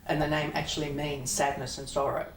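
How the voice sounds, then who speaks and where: A woman's voice: low voice, level tone, a little fast, crowd noise. A woman, an actor, chatting as a guest in an interview, rambling and laughing often. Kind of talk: casual interview chat. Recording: echoey room, mic at a distance, faint noise.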